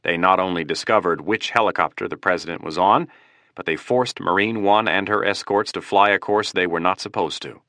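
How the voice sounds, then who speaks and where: A man's voice: sits low, fairly quick, pushed and bright, no room sound, clean studio sound. A man voicing a blunt, matter-of-fact male Secret Service chief.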